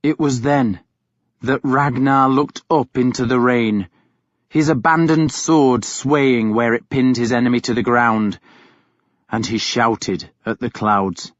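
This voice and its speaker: A man reading an audiobook as scripted first-person narration, grave and measured. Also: medium pitch, steady tone, dry recording. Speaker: audiobook reader. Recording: dull, dry studio recording.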